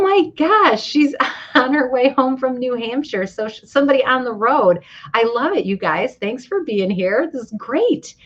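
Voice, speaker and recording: A woman's voice: medium pitch, muffled recording. A woman hosting a motivational livestream, talking straight to her viewers and greeting them by name with lots of enthusiasm. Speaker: livestream host. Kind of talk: upbeat motivational livestream talk. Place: hotel or travel location, indoors.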